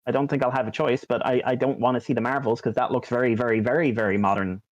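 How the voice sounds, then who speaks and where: A man's voice: medium pitch, fairly even intonation, quick pace, dry recording. A man co-hosting a podcast, chatting casually and rambling with lots of fillers and restarts. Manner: rambling, lots of ums and likes. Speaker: podcast co-host. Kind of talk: casual chat. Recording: dull lo-fi dry sound.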